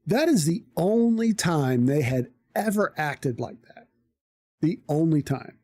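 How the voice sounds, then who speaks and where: A live streamer telling a story in a casual, animated way, swearing freely. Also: mid-range voice, slow, no room sound.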